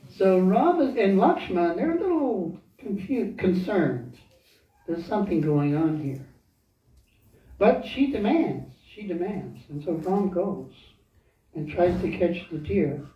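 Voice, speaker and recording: A man giving a devotional lecture as a story, speaking slowly with pauses and chuckles as he searches for words. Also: high voice, sing-song. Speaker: temple speaker. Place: temple hall. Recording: echoey, dull, from far off.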